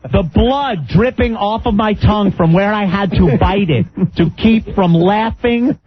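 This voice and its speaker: A man hosting a talk radio show, telling a long story in an animated way and acting out its people. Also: high-pitched, a little slow, breathy edge, no echo. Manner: animated, breaks into laughter, acts out the people in his story. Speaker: radio host. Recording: lo-fi radio broadcast.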